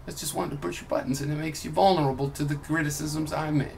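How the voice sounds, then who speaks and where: A man's voice: a little high, fairly even intonation, fast, vocal fry, a little mellow, slight background noise. A young adult man recording a heated reply vlog, ranting in a combative, sarcastic and profane way. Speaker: video blogger.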